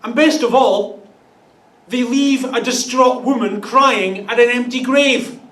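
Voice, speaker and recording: A man's voice: very high voice, slow pace, fairly bright tone. A man preaching a humorous Easter sermon as pastor, with wry, playful asides. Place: church auditorium. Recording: echoey room, distant mic.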